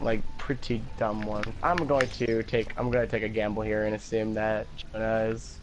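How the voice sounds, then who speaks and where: A man's voice: on the low side, level tone, moderate pace, music in the background, rough recording. An American man hosting a gaming livestream, rambling in casual chat, laughing often and cursing freely. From United States. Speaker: livestream host.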